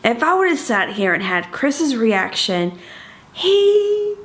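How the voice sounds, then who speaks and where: A woman of middle pitch co-hosting a casual podcast. She tells a story in a chatty, rambling way, full of little fillers and restarts. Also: sing-song, measured pace, fairly bright tone. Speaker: podcast co-host.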